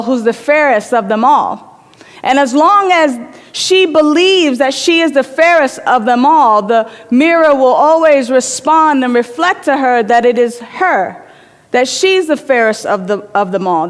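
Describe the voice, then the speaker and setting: In a spacious, reverberant room, an inspirational speaker with a high-sitting female voice gives a reflective sermon. She weaves in stories and leans on repeated phrases to drive her points home.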